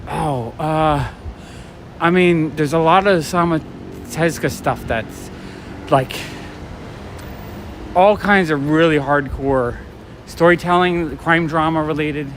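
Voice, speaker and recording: Chatty high-voiced man streaming outdoors. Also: slow, pauses often, slight background noise. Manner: chatty, enthusiastic, many fillers and restarts. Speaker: live-stream host. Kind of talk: casual rambling chat. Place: city street at night, outdoors. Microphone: handheld phone or camera while walking.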